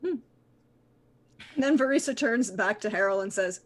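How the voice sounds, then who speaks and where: A woman's voice: medium pitch, expressive, moderate pace, slight background noise. A woman playing in a tabletop game, joking in a dry way. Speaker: player. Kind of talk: casual tabletop play.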